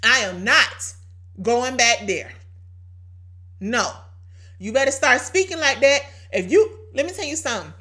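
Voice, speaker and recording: Brief: high-voiced woman preacher, exhorting, hoarse. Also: a bit bright. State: voice going hoarse. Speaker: podcast preacher. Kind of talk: informal sermon.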